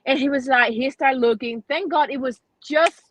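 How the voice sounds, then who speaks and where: A woman hosting a casual chat, telling a story with many restarts and pauses. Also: high-pitched, fairly bright tone, a little hiss or hum. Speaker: host.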